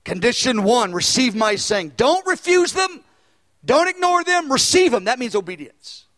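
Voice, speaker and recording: A man preaching a sermon and teaching a Bible study, animated, and acting out dialogue when he tells stories. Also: very high-pitched, normal speed. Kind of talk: sermon with storytelling.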